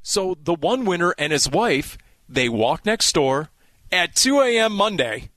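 A man's voice: sits high, big pitch swings, a little slow, sharp tone, no echo. A man hosting sports talk radio, telling stories in a brash, jokey way.

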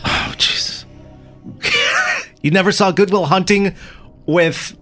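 A man's voice: high voice, measured pace, soft background music. A man co-hosting a radio morning show who runs a playful quiz and teases the contestants as he reads out the answers. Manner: teasing, lively, reads out multiple-choice answers.

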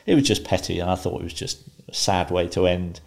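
A man in his fifties, a guest on a podcast, telling a story calmly and wryly, often laughing. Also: low-pitched, brisk, vocal fry. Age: 50s. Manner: calm, wry, laughs while telling a story. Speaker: interview guest.

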